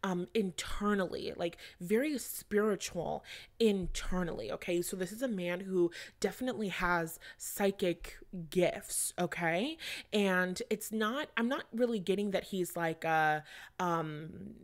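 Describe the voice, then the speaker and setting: A woman's voice: lowish voice, measured pace. A young adult woman giving a casual astrology reading to her viewers, chatty and rambling, with plenty of fillers and casual swearing. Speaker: astrology reader.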